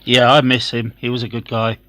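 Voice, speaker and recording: A man's voice: mid-range voice, monotone, fairly quick, a crowd in the background. A man, bantering in a casual chat with friends. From England. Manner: dry, teasing banter.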